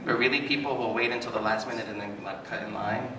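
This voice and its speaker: A man giving a live talk as a psychotherapist, telling stories with animated, self-mocking humor to an audience. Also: fairly low pitch, fast talker. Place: hall with an audience. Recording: echoey hall, mic at a distance, noisy.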